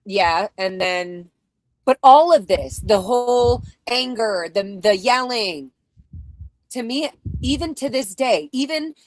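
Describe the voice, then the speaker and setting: A woman's voice: on the high side, takes it slowly, low-quality recording. A woman hosting a casual livestream talk, speaking bluntly and emotionally, with plenty of swearing and rambling asides. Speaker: show host.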